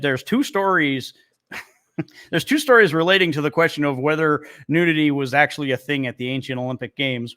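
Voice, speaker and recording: A man's voice: a little high, a bit bright. A man from Northern New York co-hosting a casual comedy podcast, telling stories and laughing often. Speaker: podcast co-host.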